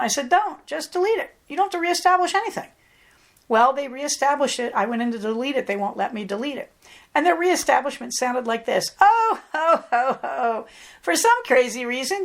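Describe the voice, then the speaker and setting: Chatty woman podcast host with higher pitch. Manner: chatty, animated, acts out voices in quotes. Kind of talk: casual chat.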